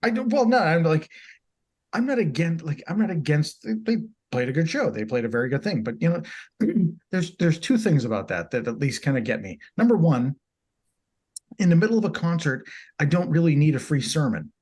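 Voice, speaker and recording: A man co-hosting a casual podcast with a lively voice that rises and falls a lot. He is wry and jokes at his own expense, with plenty of swearing. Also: fairly high pitch, brisk, slightly rough. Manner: wry, joking, self-deprecating. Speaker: podcast co-host. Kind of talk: casual chat.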